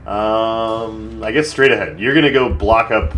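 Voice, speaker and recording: A man's voice: lowish voice, unhurried, fairly bright tone, a little hiss or hum. A man streaming a video game, chatting casually and thinking aloud with lots of fillers. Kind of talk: casual live gameplay commentary.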